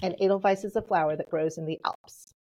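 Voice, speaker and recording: A woman from Texas, a podcast guest, telling a lively personal anecdote in conversation. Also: lowish voice, quick pace. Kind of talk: storytelling in conversation.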